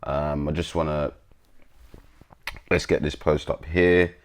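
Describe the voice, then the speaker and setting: A man's voice: extremely low pitch, flat delivery, slow pace. A man hosting an MMA commentary channel, chatting bluntly and swearing as he reads posts to his viewers. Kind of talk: casual commentary, reading posts aloud.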